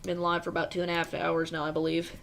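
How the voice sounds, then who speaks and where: A woman's voice: fairly low pitch, completely flat delivery, quick pace, creaky, background noise. An American woman giving casual live storm-tracking commentary, reading viewer chat aloud and bantering with them. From United States. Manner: self-deprecating. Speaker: weather livestreamer.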